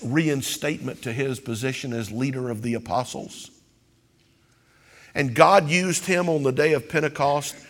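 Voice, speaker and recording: Impassioned preacher in an echoing hall. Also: male voice, medium pitch. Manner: impassioned preaching, building to loud cries. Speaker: pastor. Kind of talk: sermon.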